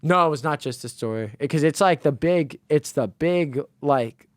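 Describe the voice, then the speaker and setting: A young man co-hosting a college radio show, chatting casually and telling rambling, animated stories. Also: on the high side, moderate pace, no room sound. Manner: excitable, rambling, animated storytelling. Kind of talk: casual chat. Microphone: studio microphone.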